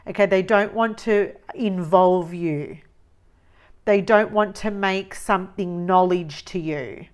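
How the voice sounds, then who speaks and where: A woman giving a tarot reading, musing slowly and repeating phrases as she reads the cards. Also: medium pitch, clear, resonant tone. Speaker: tarot reader.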